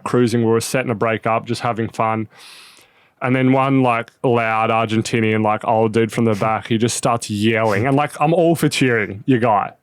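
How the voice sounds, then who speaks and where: A man's voice: medium pitch, clear, resonant tone. A young Australian man talks in an easy middle register. He rambles through a story with plenty of "like" and casual swearing. The recording is close and dry, with no room echo. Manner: loose storytelling peppered with swearing and "like". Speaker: guest, professional tennis player. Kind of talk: casual podcast chat.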